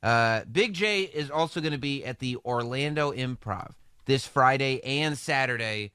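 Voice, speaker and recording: A male radio host reads the lineup to close the show. His voice is bright and tense, smooth and resonant. The room sound is dry. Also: medium pitch, measured pace, dry recording. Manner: announcer-like wrap-up. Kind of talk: show sign-off.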